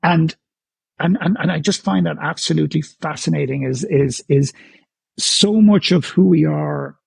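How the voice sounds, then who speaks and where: Man, husky gravelly voice, blunt and emphatic, dry close mic. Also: on the high side, normal speed, no echo. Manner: blunt and emphatic, with casual swearing and stammered restarts. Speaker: guest, author and speaker. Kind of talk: candid conversational interview.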